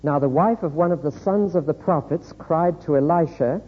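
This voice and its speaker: A man preaching a sermon, reading scripture aloud in a measured, deliberate way. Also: fairly high pitch, husky. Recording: echoey hall, dull lo-fi sound.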